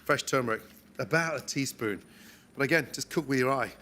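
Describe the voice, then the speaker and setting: A man demonstrating a recipe step by step in a relaxed, encouraging way, as on a cooking show. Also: medium pitch, a little fast, a little hiss or hum. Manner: relaxed, encouraging, talks through each step.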